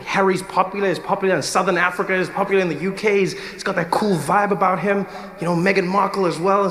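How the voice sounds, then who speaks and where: A man's voice: sits high, a bit bright. A man telling a self-mocking story on stage as a stand-up comedian, acting out his own panic.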